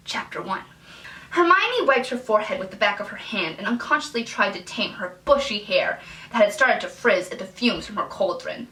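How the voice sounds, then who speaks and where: A woman's voice: medium pitch, expressive, moderate pace, bright, forceful tone, far from the mic. A young American woman who hosts a video channel, reading her old fanfiction aloud with chatty, self-mocking asides. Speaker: YouTube host. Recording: echoey room, voice from off-mic.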